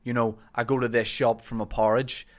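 A man's voice: mid-range voice, level tone, fairly quick. Man, podcast co-host, dry wry banter. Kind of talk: casual chat.

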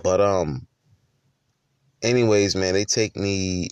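Candid male storyteller, very low voice, dry close sound, casual monologue. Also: slow pace, darkish tone, smooth, no room sound. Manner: candid, conversational, with frequent restarts. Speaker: husband and father.

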